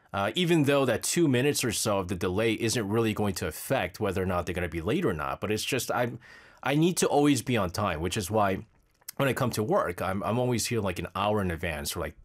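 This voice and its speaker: Lively chatty male show host. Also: on the low side. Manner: chatty, rambling, laughs often. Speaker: radio show host reading listener messages. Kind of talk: casual live show chat.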